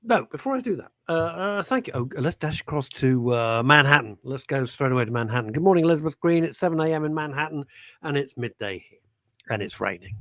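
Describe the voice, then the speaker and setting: A man's voice: fairly high pitch, lively intonation, fast talker, a bit bright, dry recording. A middle-aged man hosting a radio show, rambling and self-mocking with jokey asides. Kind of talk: chatty live radio presenting.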